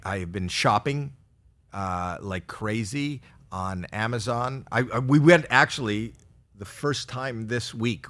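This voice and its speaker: A man in his sixties doing a stand-up set for an audience he cannot see. He spins long, self-mocking stories and keeps tripping into quick restarts before landing the punchline. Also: fairly low pitch, fairly bright tone. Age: 60s. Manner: rambling, self-deprecating storytelling with frequent stammered restarts. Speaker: stand-up comedian. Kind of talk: stand-up routine for a virtual audience.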